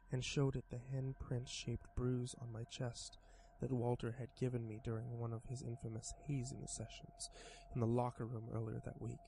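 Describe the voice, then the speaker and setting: A man narrates a first-person horror story on stream. His delivery is steady with small stumbles, and a faint hum of noise sits behind him. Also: mid-range voice, gravelly. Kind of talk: horror story narration while modding a game.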